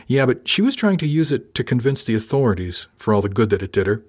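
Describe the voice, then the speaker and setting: A man reading the part of a blunt, sardonic woman officer, speaking flatly and a little higher than his own voice. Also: quick pace.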